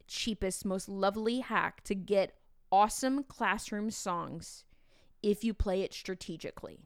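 A woman in her thirties, a teacher hosting a podcast, talking in a chatty, animated way with playful asides to the listener. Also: mid-range voice, creaky, clean tone, no echo, clean studio sound. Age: 30s. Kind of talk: casual podcast talk.

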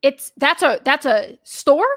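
A woman from the American South with a Southern accent, hosting her podcast in a bubbly, animated way and laughing often. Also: sits high, slow pace. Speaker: podcast host. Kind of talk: casual chat.

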